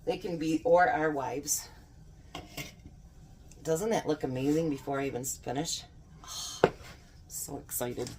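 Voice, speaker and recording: A woman's voice: deep voice, unhurried, long pauses, heavy background noise. A woman chatting folksily as she cooks in her home kitchen, laughing often. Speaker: home cooking vlogger. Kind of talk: casual cooking vlog chat.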